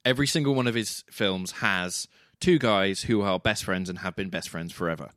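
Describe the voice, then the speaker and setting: A man's voice: sits low, normal speed, a bit bright, no room sound, studio quality. A man co-hosting a casual film podcast, rambling and teasing, swearing freely as he talks through his thoughts. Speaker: podcast co-host.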